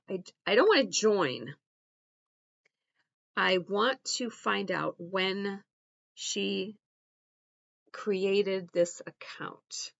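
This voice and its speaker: A woman YouTube creator talking back to a video she is playing, halting and repeating herself in casual commentary. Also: medium pitch, gravelly, a bit bright, dry recording, muffled recording. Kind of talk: casual commentary over a clip.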